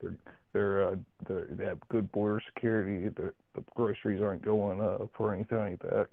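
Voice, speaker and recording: A man's voice: fairly low pitch, little pitch movement, a little fast, creaky, breathy edge, dry recording. A man calling in to a talk show, pleading and repeating himself, stuttering through restarts. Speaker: caller. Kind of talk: call-in chat. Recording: tinny phone line.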